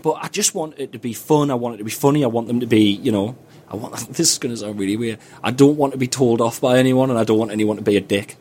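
A comedian in casual chat, rambling and restarting, his pitch jumping when he gets enthused. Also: fast, darkish tone, slightly rough. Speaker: comedian and podcast guest.

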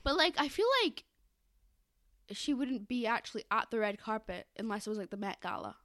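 A young woman co-hosting a casual podcast, rambling through her points with plenty of fillers and quick laughs. Her voice is bright and sits a little high. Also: animated. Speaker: podcast co-host.

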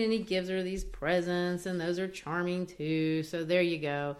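A woman teaching literature in a lively way, discussing a play and acting out its quoted lines. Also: on the low side, a little slow, few pauses. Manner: animated, acts out quoted lines.

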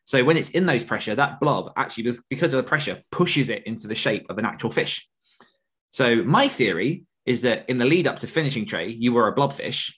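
A man co-hosting a podcast in relaxed conversation. His voice sits at an ordinary mid pitch, and he teases dryly before launching into long explanations. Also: brisk. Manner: dry, teasing, explains at length. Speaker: podcast co-host. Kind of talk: casual chat.

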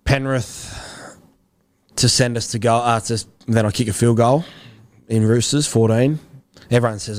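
A man in his thirties with an Australian accent, a former rugby league player telling rambling stories in a relaxed interview. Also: medium pitch, measured pace, pauses often. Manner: laid-back, rambling anecdotes with slang. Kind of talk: casual interview storytelling.

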